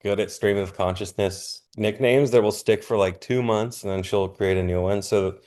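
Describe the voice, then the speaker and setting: A man chatting casually as a podcast guest, laid-back and quick to laugh. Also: on the low side, fairly even intonation, darkish tone. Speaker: punk musician guest. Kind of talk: casual interview chat.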